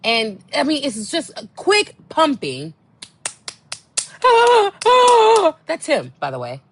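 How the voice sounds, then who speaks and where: A young woman hosting a podcast, telling a candid story in a blunt, exasperated way, dropping to low murmurs and jumping to high outbursts. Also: wildly swooping pitch, unhurried, fairly bright tone, slight background noise. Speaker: podcast host.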